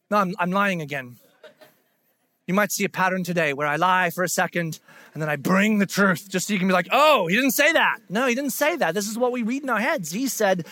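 A pastor giving a conversational, animated sermon, acting out what people say. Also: male voice, sits high, brisk, no echo. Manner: conversational, animated, acts out quotes in voices.

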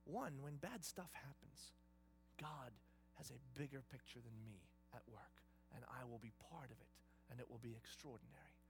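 A man preaching a sermon in an emphatic style, swinging between hushed and loud delivery. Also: medium pitch, normal speed, vocal fry, soft background music. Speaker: pastor.

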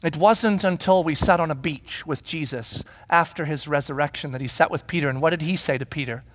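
High-voiced man preaching a sermon. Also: brisk, a little hiss or hum. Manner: animated storytelling with rhetorical questions; acts out quoted dialogue. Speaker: pastor.

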